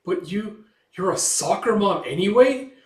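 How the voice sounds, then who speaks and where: A man's voice: high voice, lively intonation, measured pace, echoey room, far from the mic, pitched above the performer's own voice. A man voicing a worried, level-headed heroic woman who urges the others on. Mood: anxious.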